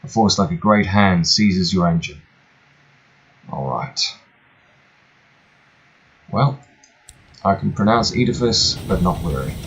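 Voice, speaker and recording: Low-voiced man reading game text aloud. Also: slow, pauses often. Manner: reads with mock-dramatic flourishes, dry joking asides. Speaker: gameplay narrator. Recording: faint music behind, slightly tinny room.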